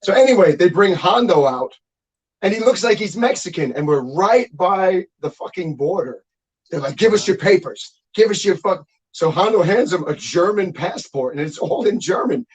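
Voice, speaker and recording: A middle-aged man, a guest musician, telling stories in a casual, profane, animated interview chat. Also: sits high, normal speed, husky.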